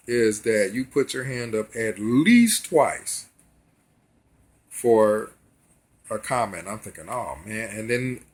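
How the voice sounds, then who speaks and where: A man speaks in a casual video monologue, addressing his viewers directly and earnestly. His voice is husky and a little breathy, sitting at a middling pitch for a man. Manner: earnest, talks straight to viewers. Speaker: vlogger.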